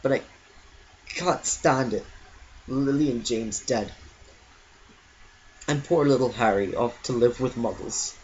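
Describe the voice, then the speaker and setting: A man reading as Hagrid, a tearful soft-hearted giant. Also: medium pitch, slow, pauses often, highs cut off, slight background noise, natural voice. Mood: grieving. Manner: sobbing, choked-up.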